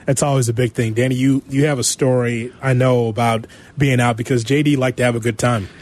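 A man's voice: mid-range voice, fairly even intonation, fairly quick, a little mellow. A man hosts a sports talk radio show in a mid-range voice. He talks in a reflective, conversational way, thinking aloud as he goes. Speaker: radio host.

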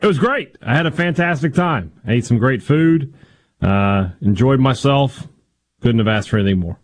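A man co-hosting a sports radio show who tells stories about his weekend in a relaxed, playful way. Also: medium pitch, moderate pace. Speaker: radio co-host. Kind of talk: casual sports radio banter.

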